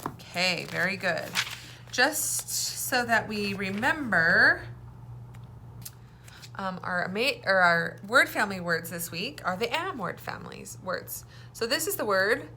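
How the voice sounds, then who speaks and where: A woman teaching an early-reading phonics lesson, speaking slowly and clearly and prompting children to repeat words after her. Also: mid-range voice, sing-song, sharp tone, slight background noise. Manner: slow, clear, encouraging teacher talk with call-and-response prompts.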